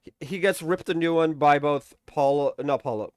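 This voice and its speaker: A man's voice: on the high side, moderate pace, darkish tone, dry recording, studio quality. A young man recapping a TV episode in a casual, rambling way, swearing freely and tossing in sarcastic mock quotes of the characters. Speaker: TV episode reviewer.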